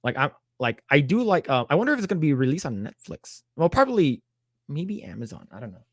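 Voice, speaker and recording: A man's voice: on the high side, very animated, fast, dry recording, studio quality. A man co-hosting a casual podcast, reading out news items and stopping to react, with many fillers and repeated words. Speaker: podcast co-host.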